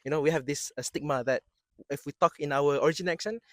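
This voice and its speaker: A man's voice: on the high side, quick pace, dry recording. A young man from Terengganu with a Malaysian English accent, co-hosting a casual campus chat, joking and self-deprecating with many restarts. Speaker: podcast co-host, university student.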